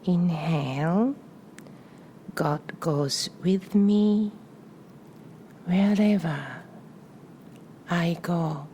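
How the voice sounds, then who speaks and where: Very slow, mellow woman guiding meditation. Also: fairly low pitch, a little hiss or hum. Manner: soft, often breathy whispered phrasing; repetitive, unhurried cues with long pauses. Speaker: meditation guide. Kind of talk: guided meditation. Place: live session in front of a small audience.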